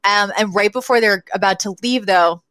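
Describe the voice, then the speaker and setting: Animated woman recapping a sitcom, dry sound. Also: mid-range voice, normal speed, no room sound. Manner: animated, laughs often, acts out quotes in different voices. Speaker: podcast co-host. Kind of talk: casual chat recapping a sitcom episode.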